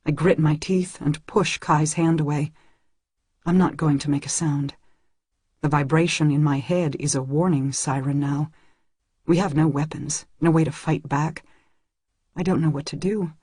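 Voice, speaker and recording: A woman's voice: low voice, fairly even intonation, measured pace, long pauses, darkish tone, husky, no echo, studio quality. A woman reading a first-person novel aloud in an earnest way that rises when the story grows tense. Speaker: audiobook reader.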